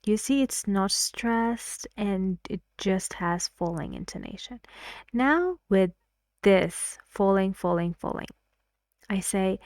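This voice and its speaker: A woman teaching an English pronunciation lesson, speaking slowly and clearly and reading example sentences aloud. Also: medium pitch, lively intonation, a little mellow, no room sound, clean studio sound.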